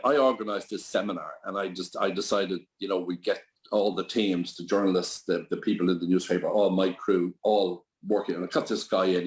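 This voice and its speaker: Older Irish man, low-pitched, loose and anecdotal storyteller on an interview. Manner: rambling anecdotal, with frequent restarts. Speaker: guest entrepreneur.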